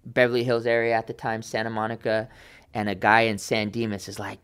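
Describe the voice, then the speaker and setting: A young man in his twenties, a podcast guest, telling a story in a lively way and acting out the people he quotes. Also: fairly low pitch, brisk, clear, resonant tone. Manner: animated, acts out quoted voices. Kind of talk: casual storytelling.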